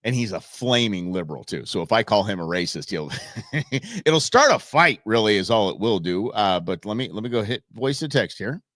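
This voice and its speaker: A man hosts a live commentary show, his pitch rising and falling in a lively way as he rambles and restarts his sentences. The sound is dry and close, with no room echo. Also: moderate pace. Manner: rambling, chatty, many restarts. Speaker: talk show host.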